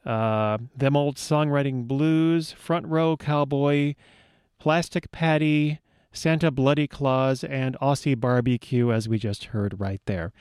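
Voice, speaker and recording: A man's voice: mid-range voice, slow pace, a little mellow, clean tone, no room sound, clean studio sound. A man hosting a radio show, chatting casually with wry asides between news items and songs.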